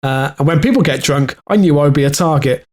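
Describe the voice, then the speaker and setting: A man's voice: a little high, fast talker, darkish tone. A man with a Welsh accent co-hosting a podcast, reading news stories aloud in casual chat with many fillers and restarts. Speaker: podcast co-host.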